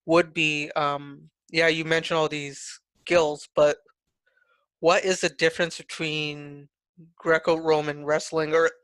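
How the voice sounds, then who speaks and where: A man's voice: a little high, level tone, slow pace, a bit bright, clean tone, dry recording. A man hosting a podcast, asking loose, filler-filled questions in casual chat. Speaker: podcast host.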